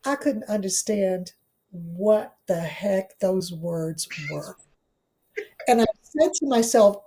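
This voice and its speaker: A woman's voice: mid-range voice, takes it slowly, mellow. A middle-aged woman from Washington, D.C., a law professor and author, telling her story in an interview, earnest and emphatic, repeating phrases for weight.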